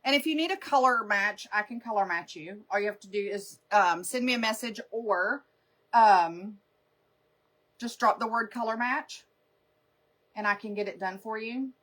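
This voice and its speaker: During her live makeup stream, a woman keeps up a casual, chatty flow of rambling stories punctuated by frequent laughter. Her medium-pitched voice has a fairly bright tone and a normal speed.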